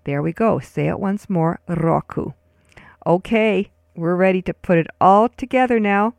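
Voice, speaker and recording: A woman's voice: medium pitch, normal speed, vocal fry, a little mellow, no room sound. A woman hosting a casual spoken lesson, guiding the listener to repeat words, with light laughs and frequent ums. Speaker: language host.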